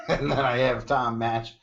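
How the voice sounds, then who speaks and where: A man's voice: medium pitch, fairly even intonation, takes it slowly, creaky, a bit bright. A man co-hosting a podcast in casual chat, telling jokes and stories with casual swearing. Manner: jokey storyteller, swears casually. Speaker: podcast co-host. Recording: dull lo-fi sound.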